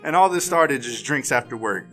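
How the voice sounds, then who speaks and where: A man's voice: medium pitch, normal speed, faint music behind. A young man telling a drinking story in a casual podcast chat, laughing often and acting out what others said. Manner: animated storyteller, laughs often, acts out quotes. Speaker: podcast co-host or guest.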